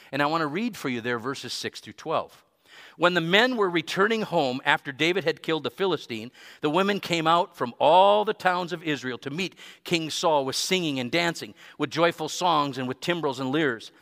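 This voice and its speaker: Male pastor preaching in church, bright sharp voice, long hall echo. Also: on the high side, lively intonation, moderate pace. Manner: earnest, teaching, reads scripture aloud. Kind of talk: sermon.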